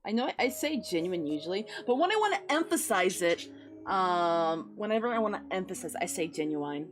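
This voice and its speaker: A woman's voice: mid-range voice, very animated, a little fast, soft background music. A young woman chatting casually with her viewers while drawing, giving rambling, encouraging advice. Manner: encouraging, rambling, with playful sing-song noises. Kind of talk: casual livestream chat.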